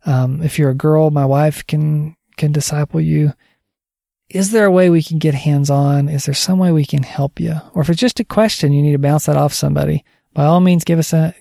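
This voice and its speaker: A man's voice: on the high side, normal speed, vocal fry, warm tone, dry recording, clean studio sound. A man hosting a ministry podcast, giving an informal teaching talk in a conversational, folksy way and repeating phrases for emphasis.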